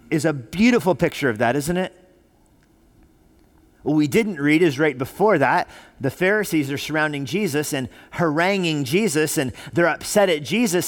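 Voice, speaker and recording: Slightly high-voiced preaching man. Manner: preaching with rising emphasis and repetition. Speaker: pastor. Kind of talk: sermon. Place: church sanctuary.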